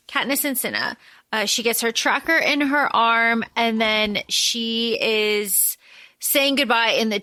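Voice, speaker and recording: Woman podcast host with a bright, crisp, slightly high voice, talking in slangy, playful recap style, recorded close and dry with no room sound. Casual movie-rewatch chat. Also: dry recording.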